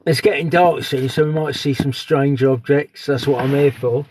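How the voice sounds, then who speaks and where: A man's voice: medium pitch, steady tone, moderate pace, a little mellow, slightly rough. A man live streaming outdoors at dusk on a phone, chatting casually and greeting viewers by name. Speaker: live streamer on a sky watch.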